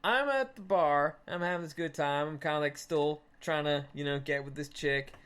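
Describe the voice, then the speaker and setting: High-voiced man telling a story. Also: moderate pace, clear, resonant tone. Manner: animated storyteller who swears freely and acts out quotes. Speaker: podcast co-host. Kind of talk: casual storytelling chat.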